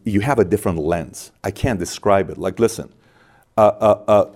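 A man with a fairly low voice talks through a story in a relaxed interview. He hammers his points home, repeating lines and tossing in rhetorical questions. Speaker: interviewer and podcast guest. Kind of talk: conversational storytelling.

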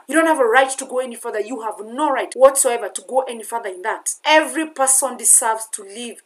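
A young woman with a Kenyan accent, speaking as a podcast host in a fairly high voice. She talks in an impassioned solo monologue and hammers her points home by repeating phrases. Her delivery is insistent and direct. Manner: emphatic, repeats key phrases for stress.

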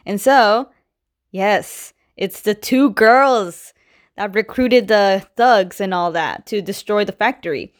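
A woman's voice: medium pitch, takes it slowly. Young adult woman, casual recap host, chatty, acts out quoted lines.

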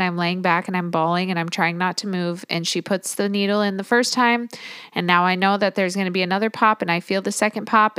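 A woman's voice: mid-range voice, a bit bright, clear, resonant tone, dry recording, studio quality. A young adult woman hosting a podcast, telling her personal story in a candid, emotional and sometimes indignant way. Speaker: podcast host.

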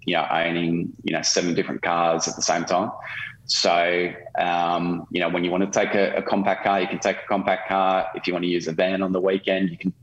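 A man's voice: sits low, highs cut off. A man explaining his car-share business in a rambling way, full of fillers and restarts. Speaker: car-share company representative. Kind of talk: casual interview talk. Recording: roomy echo.

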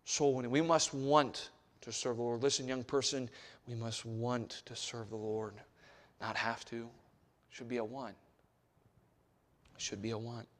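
A male missionary preacher in a church sanctuary, at an ordinary middle pitch for a man. He tells stories from the pulpit, dropping to near-whispered asides and then rising to loud exhortation. He calls out questions to his congregation and waits for them to answer. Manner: storytelling, swings from hushed asides to loud exhortation; call-and-response with the congregation. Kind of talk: sermon.

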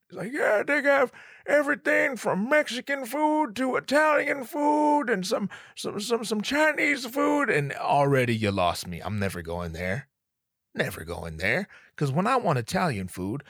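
A comedian recounts a comic story in a medium-pitched voice, captured in echo-free studio quality. He wanders off track casually, curses often, stumbles verbally, and cuts himself off mid-thought.

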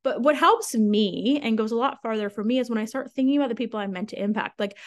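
Fillers and casual curse words run through the chatty, frank solo podcast of a young woman who works as a sales coach. Her fairly high voice moves quickly with few pauses.

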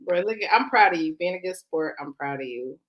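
A woman co-hosting a casual chat, loud and profane, laughing often. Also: low-pitched, animated, brisk, highs cut off. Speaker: podcast co-host.

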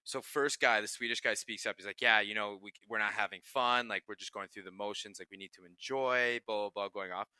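A man's voice: on the low side, fairly even intonation, brisk, few pauses, pushed and bright, clear, resonant tone, no room sound. A young man, a pro hockey player and podcast co-host, telling profane, laughing stories in casual chat.

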